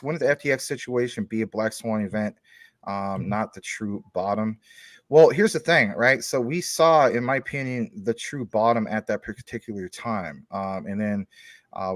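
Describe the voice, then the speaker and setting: A man with a fairly low voice appears as a guest on a casual chat show, explaining things at length through long everyday analogies. The sound is clean studio audio with no echo.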